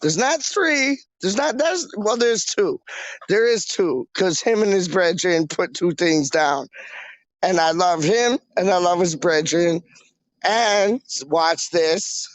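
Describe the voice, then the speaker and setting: A man hosting a casual livestream chat, excitable and slangy, repeating catchphrases. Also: high voice, slow pace, no echo, highs cut off. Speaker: livestream host.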